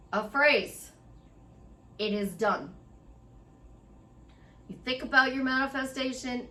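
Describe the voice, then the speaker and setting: A woman's voice: on the high side, fairly bright tone, distant mic. A middle-aged woman life coach giving a chatty, rambling motivational monologue, speaking straight to the listener. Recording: echoey room, voice off-mic.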